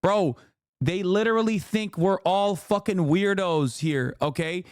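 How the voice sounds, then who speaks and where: A man's voice: sits high, unhurried, darkish tone, no room sound, studio quality. A man streaming from home, ranting heatedly and swearing constantly as he reacts. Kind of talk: casual reaction rant.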